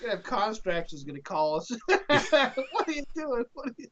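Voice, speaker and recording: A co-host of a gaming stream chatting casually, halting and repeating words, laughing often. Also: mid-range voice, sing-song, a bit bright, slight background noise. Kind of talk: casual chat while playing an online game. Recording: dull lo-fi mic.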